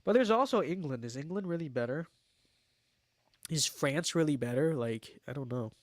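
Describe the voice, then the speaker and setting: This young LA livestreamer speaks in an expressive, somewhat high voice at a moderate pace. He reads his chat out loud and replies in a wry, sarcastic way, pretending to boast. The recording is dry.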